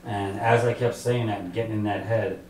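A middle-aged man tells his own story at a library author talk, conversational and halting, with many fillers, acting out his own thoughts. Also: fairly low pitch, steady tone, darkish tone, slight background noise. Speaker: author and fisherman telling his survival story. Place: library event room. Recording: echoey room, distant mic.

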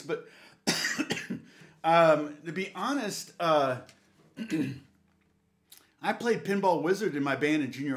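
A man's voice: on the high side, a bit bright. Chatty man teaching guitar live. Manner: rambling, chatty, counts beats aloud. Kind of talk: casual live guitar lesson. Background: guitar playing between talk.

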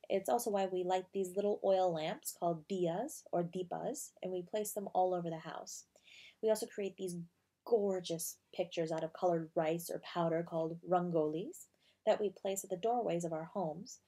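A young woman in an audio role-play as a girlfriend, gently explaining her family's customs. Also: on the low side, moderate pace.

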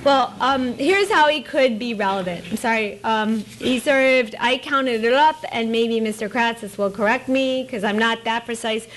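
A middle-aged woman giving a public lecture as an author, with a lively, wry, digressive manner and playful asides. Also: on the high side, moderate pace, few pauses, slight background noise. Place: presidential library auditorium.

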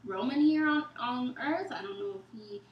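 A woman guest telling a story in a casual chat, animated and acting out what others said, in loose informal speech. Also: high-pitched, normal speed, lo-fi sound. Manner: animated, acts out quoted texts and dialogue. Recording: echoey room.

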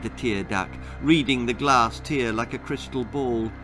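A middle-aged man narrating his own children's story in an expressive, dramatic way. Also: medium pitch, a little slow, over music.

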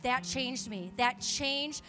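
A young woman, a pastor's wife, preaching a charismatic sermon in church, exhorting fervently and swinging between loud calls and hushed confessions. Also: sits high, slow, soft background music. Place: church sanctuary.

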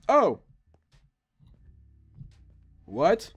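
Excitable high-voiced male gamer. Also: measured pace, muffled recording, slight background noise. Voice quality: excitable, yelps and laughs, playful outbursts. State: dry, strained throat. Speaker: gaming YouTuber. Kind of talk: let's play commentary.

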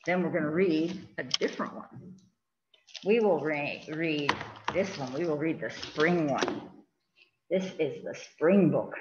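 Female children's librarian, chatty storytime reader, low-ish voice, roomy and slightly muffled with faint hiss. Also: measured pace, pauses often. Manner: chatty, sing-song, fussing with the book on camera. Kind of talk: reading picture books aloud to children.

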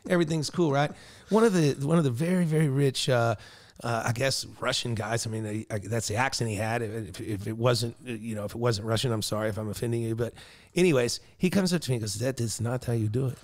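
A man in an average pitch hosts a loose, profane podcast conversation. He rambles through crude anecdotes, swearing as he goes. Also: fast. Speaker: podcast host. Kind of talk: casual profane chat.

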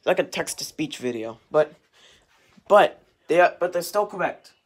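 Walking around with a handheld camera, this young vlogger does the dishes in his kitchen and vents in a casual, angry, rambling way, cursing often. He speaks at a normal speed with an expressive, highish voice.

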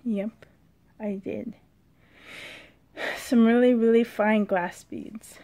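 A woman vlogger chatting excitedly from a dim room at home, her voice sitting a little high. She talks at a slow, unhurried pace and now and then drops to a hushed whisper. The sound comes from a handheld camera held indoors. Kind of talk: casual vlog chat.

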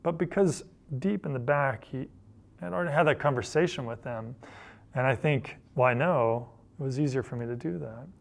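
A middle-aged man with a gravelly, creaky edge to his voice recounts turning points of his career. He speaks earnestly and reflectively, circling back and repeating phrases as he thinks aloud. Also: medium pitch, normal speed. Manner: earnest, repeats phrases while thinking, quotes others in passing. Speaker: photojournalist. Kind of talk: reflective personal storytelling.

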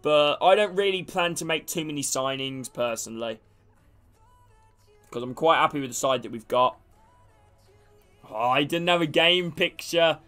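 A man's voice: a little high, normal speed, pauses often, bright, forceful tone, smooth, faint music behind. A man casually commentating a game stream, chatting with viewers and calling them by name. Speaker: gaming streamer.

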